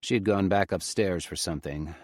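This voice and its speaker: A male audiobook narrator reading a first-person story in a grave, measured manner on a close studio mic. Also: low-pitched, a little mellow, no echo.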